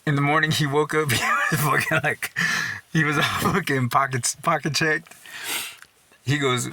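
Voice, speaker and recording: A man's voice: a little high, steady tone, normal speed, pushed and bright. A middle-aged man telling stories in a loose, profane way, full of "dude" and "you know", chuckling along. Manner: chuckles through his own stories. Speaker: storyteller host. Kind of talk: casual storytelling.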